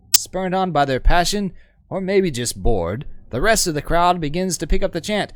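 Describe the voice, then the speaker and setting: Lively, chatty male game streamer. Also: a little high, normal speed, dry recording. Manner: chatty, self-mocking. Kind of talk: reading a game aloud with jokes.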